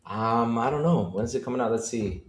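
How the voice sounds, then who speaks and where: A man co-hosting a casual gaming livestream podcast, talking to the chat, excitable and given to repeating his phrases. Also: mid-range voice, brisk, reverberant. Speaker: podcast co-host.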